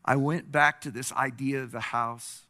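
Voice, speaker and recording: A man's voice: mid-range voice, steady tone, moderate pace, bright, forceful tone. A pastor preaching a sermon, telling stories and building to earnest, impassioned appeals to his congregation.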